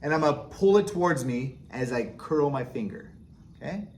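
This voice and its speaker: A man with a fairly high-pitched voice explains signs to learners one step at a time. He talks patiently and pauses often to check in with a quick "okay?" before moving on. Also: expressive, darkish tone, a little hiss or hum. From United States. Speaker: sign language teacher. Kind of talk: instructional explanation.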